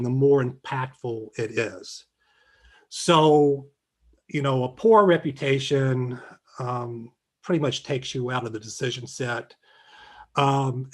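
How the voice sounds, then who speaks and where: A man with a husky, slightly breathy voice at a middling pitch presents survey results to colleagues. He explains each chart at length, with frequent ums and repeated words. He is heard over a video call. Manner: explanatory, many fillers and restarts. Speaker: faculty presenter.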